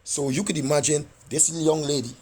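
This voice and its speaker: A man's voice: on the high side, fairly even intonation, brisk, a little mellow, husky. A man who is a parent and coach, insistently arguing his case in a meeting with school staff and often checking in with "right?".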